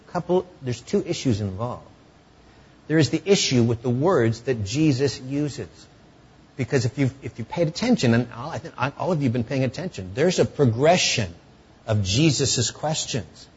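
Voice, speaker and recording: A man preaching a sermon in a conversational way, sometimes dropping to hushed tones. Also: medium pitch, lively intonation, moderate pace, breathy edge, lo-fi sound. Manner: conversational, drops to hushed tones for emotional moments.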